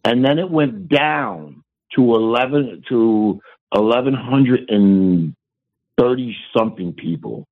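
A man calling in to a live stream, talking excitably and swearing freely. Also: medium pitch, takes it slowly. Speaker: caller. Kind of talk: casual phone-in chat. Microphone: phone. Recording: tinny phone line.

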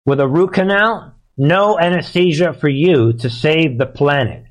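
A man's voice: on the high side, a little slow, faint music behind. Sarcastic, fired-up male commentator. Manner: sarcastic, laughing, heated. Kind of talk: live political commentary.

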